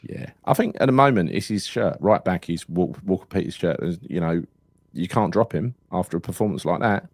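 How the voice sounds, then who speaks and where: A man with a deep voice chats loosely about football with friends, swearing and telling stories. The sound is dry and close, with nothing around it. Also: animated, brisk, darkish tone, no echo. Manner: chatty, swears freely, tells anecdotes. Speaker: podcast co-host. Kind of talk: casual football banter.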